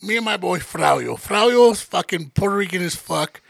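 High raspy podcast dude telling a wild story, swears a ton, really animated, dry close mic. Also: male voice, normal speed, no room sound. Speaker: podcast host. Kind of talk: casual storytelling chat.

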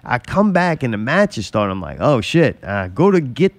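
A man co-hosting a casual chat, telling a story in a profane, animated way. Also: mid-range voice, moderate pace, dry recording.

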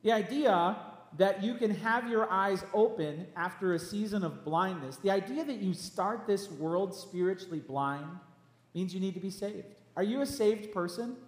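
High, animated male pastor preaching. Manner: animated, emphatic preaching with quick asides. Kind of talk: sermon. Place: church hall. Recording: echoey church hall.

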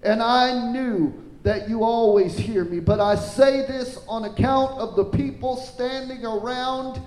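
High-voiced animated male preacher. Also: a little slow, reverberant, poor audio. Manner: animated, rising pitch when quoting scripture; asks the congregation questions. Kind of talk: sermon.

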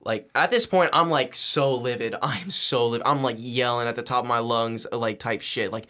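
A young man, a podcast guest, telling a story in a casual, animated, slangy and profane way. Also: mid-range voice, moderate pace, hardly any pauses.

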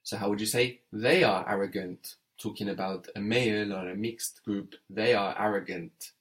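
A man's voice: lowish voice, steady tone, moderate pace, fairly bright tone. A man teaching French in an audio lesson, patient and methodical, prompting the learner and spelling words letter by letter.

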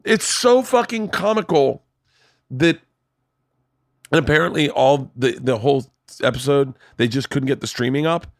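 A man with a gravelly, creaky voice speaks at a middle pitch as a comedian guest on a podcast. He talks in a casual, excitable, rambling way and swears freely. The mic is close and dry. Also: normal speed, no room sound. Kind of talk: casual chat.

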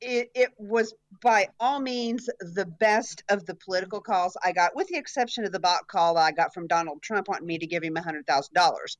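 A woman co-hosting a casual talk show, telling anecdotes in a lively, wry way. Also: lowish voice, fairly quick, hardly any pauses. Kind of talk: casual chat.

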